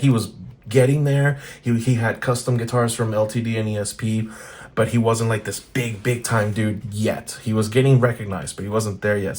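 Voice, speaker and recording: A man hosting a guitar channel, reading old magazines aloud in casual commentary, blunt and profane, laughing often. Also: on the low side.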